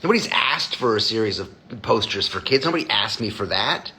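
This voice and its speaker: A man's voice: lowish voice, lively intonation, fairly quick, pushed and bright. A man hosting a live stream as a designer, chatting casually with viewers in a blunt, profane way.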